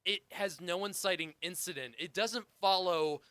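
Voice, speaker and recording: A man's voice: high voice, moderate pace, pushed and bright, no echo. A man co-hosting a casual movie review podcast, blunt and emphatic, with frequent swearing. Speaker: podcast co-host.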